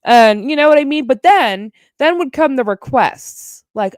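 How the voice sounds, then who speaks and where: A woman's voice: high-pitched, expressive, measured pace, hardly any pauses, no echo, clean studio sound. A woman streamer ranting on a casual livestream, heated and profane, with a mocking edge.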